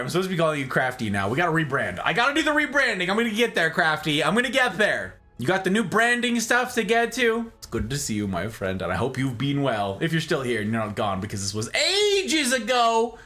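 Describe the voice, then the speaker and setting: A male game streamer whose pitch swings widely as he banters with his chat, laughing often and talking in a loose, casual way. His voice has a bright, forward edge, with faint music playing underneath.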